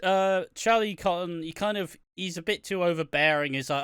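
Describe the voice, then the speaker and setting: A man's voice: a little high, normal speed, few pauses, fairly bright tone, smooth, no echo, studio quality. A man co-hosting a podcast, rambling and swearing as he chats and often laughs. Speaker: podcast co-host reviewing a soap. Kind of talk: casual podcast chat.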